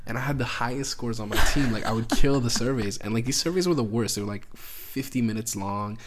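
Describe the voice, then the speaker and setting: A man's voice: medium pitch, fairly quick, background noise. A man in his thirties co-hosting a podcast with his wife, telling stories casually with many filler words. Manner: animated storyteller, laid-back, lots of filler words. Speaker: podcast co-host, host's husband.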